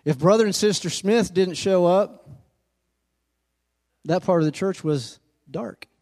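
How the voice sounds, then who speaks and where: A man preaching in a church sanctuary, pausing to ask for amens and put questions to the congregation. His voice sits somewhat high for a man, and he leans into its quieter low moments. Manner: call-and-response preaching, asks for amens. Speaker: pastor. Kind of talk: sermon.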